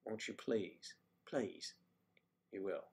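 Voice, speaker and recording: A man reads viewer comments on a relaxed livestream, greeting each person by name and joking with them in a chatty tone. His lowish voice is expressive, slow, creaky and a touch mellow.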